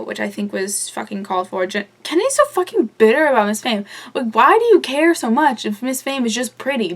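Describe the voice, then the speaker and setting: A young woman recapping a reality show episode as a fan, gushing, rambling and swearing a lot. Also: on the high side. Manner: rambling with many fillers and asides. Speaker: vlogger reviewing a reality show. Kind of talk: casual fan recap vlog.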